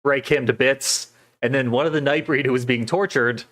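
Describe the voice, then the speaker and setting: Guy on a podcast walking through a movie scene by scene, chill, chuckles a lot, mid-pitched voice. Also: steady tone, moderate pace, fairly bright tone. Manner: laid-back play-by-play recapping with frequent laughs. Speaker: podcast co-host recapping a film. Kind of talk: casual chat.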